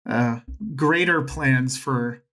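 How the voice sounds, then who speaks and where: A man who is a guest on a casual podcast, talking in a hesitant, halting way. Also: mid-range voice, a bit bright. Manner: hesitant, halting, many fillers.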